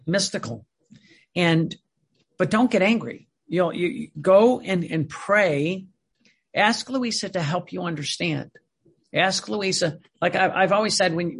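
A man with a husky, slightly high voice gives a devotional talk. He speaks in halting bursts, often stopping to restart his sentences and filling the gaps with "uh" and "and". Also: a bit bright. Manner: halting, many fillers and restarts. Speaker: religious speaker.

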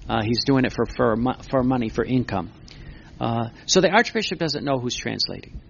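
A man's voice: medium pitch, animated, moderate pace, gravelly, fairly bright tone, a little hiss or hum. A man preaching a sermon, earnest, asking questions and answering them himself, recorded on a muffled lo-fi recording. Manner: earnest, repeats words while building a point. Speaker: Catholic preacher.

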